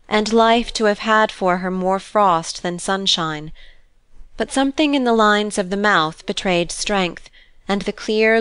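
Woman reading an old novel aloud, really clean crisp voice, dry close sound. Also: mid-range voice, a bit bright, dry recording. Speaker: audiobook narrator. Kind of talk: scripted narration.

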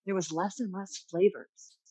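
A woman's voice: mid-range voice, steady tone, moderate pace, a little mellow, breathy edge, low-quality recording. A young adult woman, a pastry chef guest, chatting casually and laughing easily while she tells family stories. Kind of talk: casual chat.

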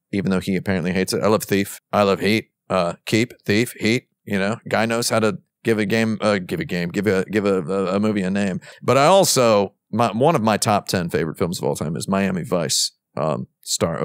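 A man's voice: low-pitched, no echo. A man chatting casually on a podcast, rambling enthusiastically with plenty of fillers, restarts and self-deprecating jokes. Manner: jokey, self-deprecating asides. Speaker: podcast panelist. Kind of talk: casual chat.

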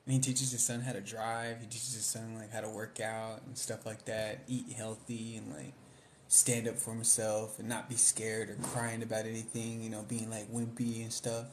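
A man's voice: lowish voice, monotone, normal speed, slight background noise. A young man in casual chat, rambling in slang about favorite movies and mimicking lines he likes. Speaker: vlogger.

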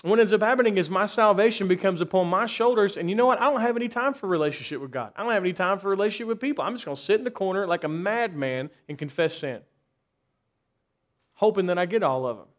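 Brief: male pastor, slightly high voice, preaching in church, punchy rhetorical questions. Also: animated, quick pace. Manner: rhetorical questions, rising intensity in bursts. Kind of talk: sermon.

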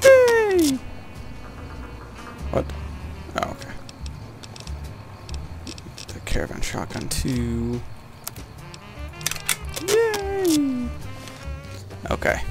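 A man doing let's play commentary, excitable, yelping and grumbling at the game. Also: medium pitch, slow, creaky, long pauses, music in the background. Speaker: gamer.

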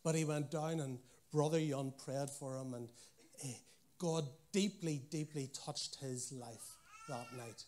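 A man's voice: medium pitch, unhurried, a little mellow, a little hiss or hum. A man preaching a sermon, telling stories with animation and acting out what people said.

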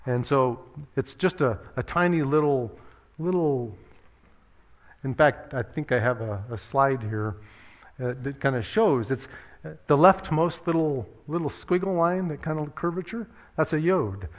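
A man's voice: on the high side, unhurried, highs cut off. A man preaching a sermon as pastor, earnest and conversational, often repeating words and using fillers as he works through a point.

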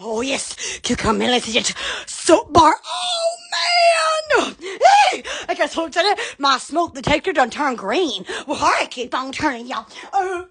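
A woman's voice: high-pitched, very animated, moderate pace, hardly any pauses, fairly bright tone, shouting, a little hiss or hum. Giddy squealing woman. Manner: giddy, squealing, constant laughing exclamations. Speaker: livestream host. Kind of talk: excited livestream chatter. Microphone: phone.

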